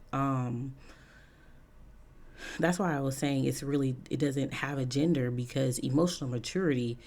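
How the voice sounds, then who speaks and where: A woman's voice: a bass voice, vocal fry, a little mellow. A woman giving a casual opinion monologue as a vlogger, frank and chatty with many "um" fillers and repeated points for emphasis.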